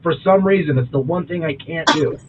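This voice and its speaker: A man co-hosting a podcast in loose, profane casual chat, animated and quick to laugh. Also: fairly high pitch, narrow, tinny audio. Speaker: podcast co-host.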